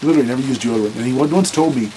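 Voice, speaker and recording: A blunt man giving dating advice in a loose, unscripted monologue, with a voice of ordinary middle pitch. He rambles and often restarts his sentences, stumbling over repeated words as he goes. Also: racing, dark tone, a little hiss or hum, low-quality recording. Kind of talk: casual monologue to camera.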